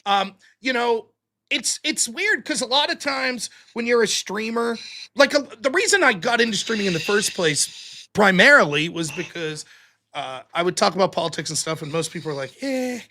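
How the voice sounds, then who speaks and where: A chatty male host with a Pittsburgh accent, his voice high and bright. He talks loosely and swears often as he takes calls. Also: normal speed. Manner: chatty, swears freely, playful. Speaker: call-in show host. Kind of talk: casual chat.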